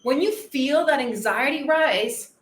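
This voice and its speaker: A woman's voice: sits high, animated, measured pace, roomy sound. A woman weight-loss coach hosting a motivational podcast monologue, enthusiastic and earnest, repeating her key phrases.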